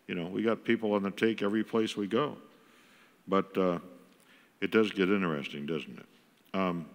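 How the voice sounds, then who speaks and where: In a large church auditorium, a man with a fairly low, sharp-toned voice gives a folksy, joking guest sermon about parenting. The hall's size is audible in the sound.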